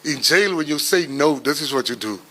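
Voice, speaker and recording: South African man, middle-aged, brisk storyteller, bright forceful tone, voice sits a bit high. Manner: animated, comic storyteller. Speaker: public speaker. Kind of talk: storytelling talk.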